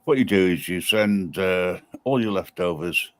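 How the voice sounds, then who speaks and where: Guy, really low voice, dry jokes, lots of ums on a live chat stream. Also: no room sound. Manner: dry, deadpan humor, frequent "uh" and "um" pauses. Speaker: livestream co-host.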